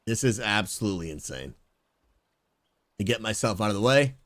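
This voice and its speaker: A man talking casually to his live stream chat as a game streamer, animated and chummy. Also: fairly low pitch, normal speed, no room sound, studio quality. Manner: animated, talks straight to chat, says "dude" and "bro".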